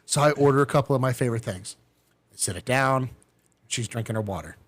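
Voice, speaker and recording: A middle-aged man telling a long personal story in casual chat, acting out the people he quotes with big jumps in pitch. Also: fast talker, no room sound. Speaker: podcast guest.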